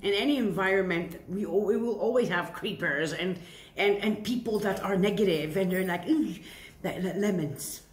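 A woman's voice: medium pitch, normal speed. A woman giving a casual tarot reading to camera, playful and chatty, often asking rhetorical questions and answering them herself. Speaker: tarot reader. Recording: echoey room with faint hiss.

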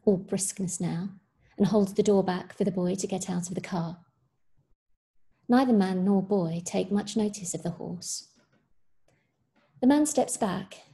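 A woman teacher reads a literary short story to her class, measured and expressive. Her voice sits at an ordinary pitch and sounds mellow and warm. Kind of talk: reading a short story aloud.

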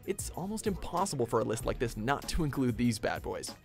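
Fast-talking male list-video narrator. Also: medium pitch, sing-song, gravelly, faint music behind. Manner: brisk, punchy, wry asides. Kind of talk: scripted narration.

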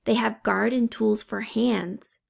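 A woman's voice: fairly high pitch, fairly even intonation, takes it slowly, vocal fry, husky, exaggerated voice. A determined, urgent girl, as a woman reads her. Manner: urgent and breathless, then grim. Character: brave, determined girl leading her friends.

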